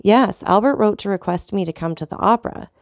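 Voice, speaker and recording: Woman voicing an earnest worried young gentleman. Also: mid-range voice, a little fast, gravelly, dry recording, clean studio sound, close to an everyday voice. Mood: concerned.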